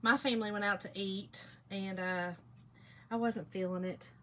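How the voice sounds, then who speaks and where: A woman's voice: medium pitch, fairly even intonation, moderate pace. A middle-aged woman with a Southern Georgia accent, chatting casually with viewers on a craft livestream and greeting them by name. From Kentucky, raised in Georgia.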